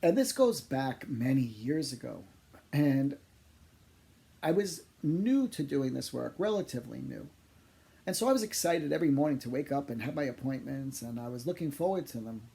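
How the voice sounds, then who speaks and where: Gravelly man telling funny stories. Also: medium pitch, normal speed. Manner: animated, self-deprecating, chatty. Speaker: psychic medium. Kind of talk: storytelling monologue to camera.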